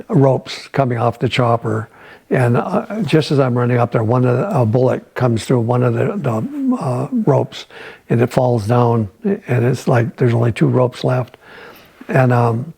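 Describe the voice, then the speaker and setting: An older man with a gravelly, husky voice tells a story from his war years in an interview. He talks in a halting way, restarting his sentences and repeating words as he works through the memory. His pitch sits in an ordinary middle range. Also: darkish tone. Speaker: veteran interviewee. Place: at home.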